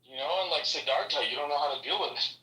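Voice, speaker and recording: A man's voice: fairly high pitch, rapid-fire, sharp tone. Blunt teasing man, echoey room. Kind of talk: casual chat. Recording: echoey room, far from mic.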